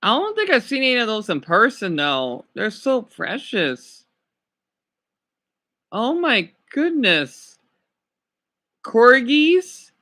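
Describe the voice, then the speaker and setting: A man's voice: very high-pitched, very animated, pushed and bright. A man chatting casually on a livestream, gushing and drawing out his words. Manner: gushing, drawn-out swoops when cooing over dogs.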